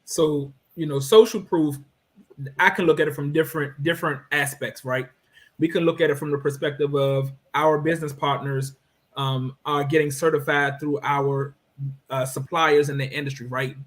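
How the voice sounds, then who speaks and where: Emphatic man with a fairly high voice. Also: fairly even intonation, normal speed, a bit bright. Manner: emphatic, preachy, rhetorical questions. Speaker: co-host. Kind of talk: business panel discussion.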